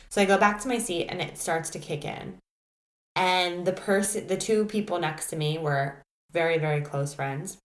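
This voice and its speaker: A woman hosting a solo podcast, telling a personal story in a candid, animated way, full of "like" and restarts. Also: fairly low pitch, moderate pace, roomy sound. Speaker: podcast host.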